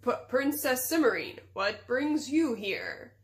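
A woman's voice: a little high, wildly swooping pitch, takes it slowly, full character voice. A woman voicing a pompous, condescending young male wizard in a read-aloud storybook. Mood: lofty. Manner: lofty, condescending.

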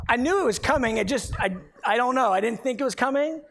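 A male pastor preaching a sermon and telling a personal story, animated, swinging between loud and hushed, repeating words as he builds a point. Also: extremely high pitch, fast talker.

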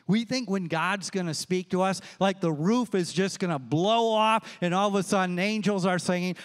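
A middle-aged pastor preaches in a fairly high, smooth and resonant voice. He tells stories and acts out the dialogue as he goes. His words ring through a large, echoing church. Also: moderate pace, hardly any pauses. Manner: storytelling with acted-out dialogue. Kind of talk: sermon. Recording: echoey church hall.

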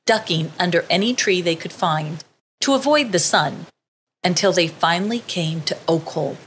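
A woman telling a children's bedtime-style story. She reads slowly and deliberately, her voice rising and falling with lots of expression. Her pitch sits a little low for a woman. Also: a little hiss or hum. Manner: slow, expressive reading.

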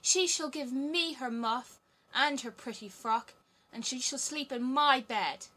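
Woman doing a bossy spoiled robber girl, high and slow, demanding. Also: fairly bright tone. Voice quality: bossy, insistent.

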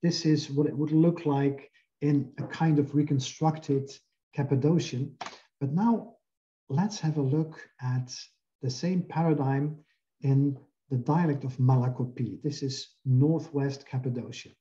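A man from Belgium giving an academic lecture, explaining carefully with frequent pauses over a video call. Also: mid-range voice, steady tone, mellow, highs cut off.

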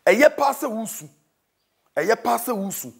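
A Ghanaian man preaches in a high, gravelly voice that leaps up and down in pitch. He scolds his listener dramatically and breaks into shouts, then drops to a low pleading murmur. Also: sing-song, takes it slowly. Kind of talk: comic sermon.

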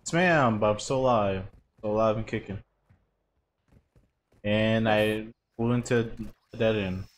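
A man's voice: fairly low pitch, a little slow, slight background noise. A young man joking and teasing his friend while they play a game together. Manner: teasing, laughs a lot, joking. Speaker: gaming partner. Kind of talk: casual gameplay banter.

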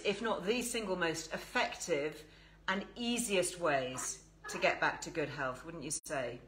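A woman's voice: mid-range voice, pushed and bright, poor audio. An English woman hosting a live stream, chatting enthusiastically and greeting viewers. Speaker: host.

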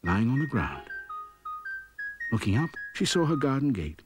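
A man reading a fairy tale aloud as an expressive storyteller, sometimes sinking to a whisper. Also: medium pitch, unhurried, over music. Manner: lively, expressive, dropping to a whisper at quiet moments. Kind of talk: scripted storybook narration.

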